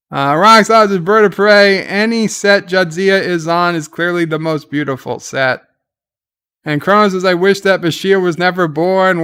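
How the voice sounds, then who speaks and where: A man's voice: high-pitched, a bit bright, clean tone. Rambling male live-reaction host. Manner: rambling, reads viewer comments aloud and paraphrases scenes. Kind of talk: live commentary and chat reading.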